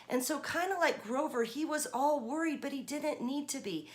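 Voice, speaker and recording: A woman's voice: high-pitched, animated, moderate pace, hardly any pauses. A woman in her fifties, a children's pastor, reading a picture book aloud and asking the kids questions. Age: 50s.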